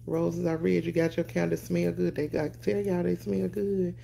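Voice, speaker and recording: A woman's voice: lowish voice, level tone, moderate pace, gravelly, dark tone, slight background noise. A woman hosting a casual live stream at home on her phone, greeting viewers by name and swearing casually.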